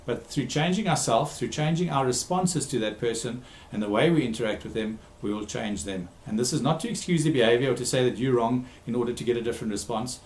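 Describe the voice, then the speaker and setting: A man who works as a therapist gives a recorded talk, speaking emphatically, repeating key words and pausing with frequent ums. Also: mid-range voice, a little mellow, reverberant, a little hiss or hum. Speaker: therapist giving a talk series.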